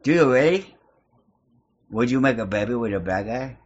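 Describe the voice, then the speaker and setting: In lo-fi online video-chat audio, a man with a mid-range voice speaks at a moderate pace and in an animated way. He hosts a video-chat prank stream, chatting casually and provocatively with strangers while taunting and mocking them crudely.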